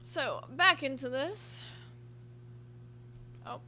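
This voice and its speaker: A woman's voice: high voice, extremely slow, pushed and bright, a little hiss or hum. A woman co-hosting a casual reaction show, talking bluntly and emphatically with plenty of swearing. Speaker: co-host.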